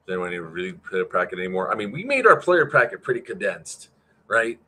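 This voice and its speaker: A man's voice: deep voice, lively intonation, fast talker, bright, forceful tone, slight background noise. A man organizing an airsoft event, giving a casual, rambling livestream update full of fillers and answering questions from chat.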